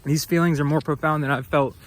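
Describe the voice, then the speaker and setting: A man speaking slowly and softly in a reflective spiritual vlog, recorded outdoors. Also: a little high, steady tone. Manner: slow, soft, dreamy and reflective. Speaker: vlogger.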